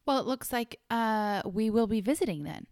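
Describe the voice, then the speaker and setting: Woman, middle-aged, podcast co-host, casual storytelling, animated, whispery asides. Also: on the high side, moderate pace. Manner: animated, drops to whispers when telling spooky parts.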